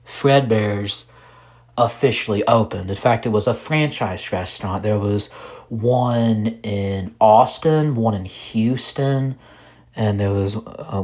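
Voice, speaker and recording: A man narrating a horror story in a deliberate, ominous storytelling manner. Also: lowish voice.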